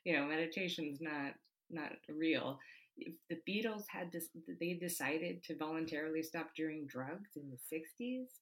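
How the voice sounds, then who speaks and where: A woman co-hosts a history podcast in casual conversation, full of fillers and frequent laughter. Her deep voice has lively intonation and a moderate pace, though the recording quality is low.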